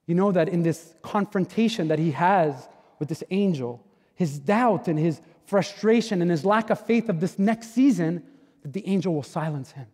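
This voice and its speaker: A middle-aged man preaching a sermon as a guest pastor, talking in a chatty, animated way, acting out the voices he quotes and often repeating his words as he goes. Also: high-pitched. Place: church sanctuary. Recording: long hall reverb.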